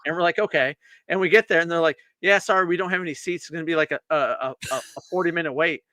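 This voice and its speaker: A man's voice: a little high, fast talker, dry recording. A man co-hosting a podcast, chatting casually over beers and acting out the people in his stories. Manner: animated storytelling, acts out quotes. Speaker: podcast co-host.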